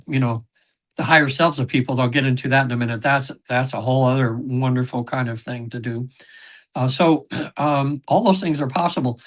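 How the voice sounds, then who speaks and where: A man talking at a middle pitch, rambling through stories with lots of "you know" and "um". He clears his throat often and acts out what other people said. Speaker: podcast guest, regression session facilitator. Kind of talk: casual interview storytelling.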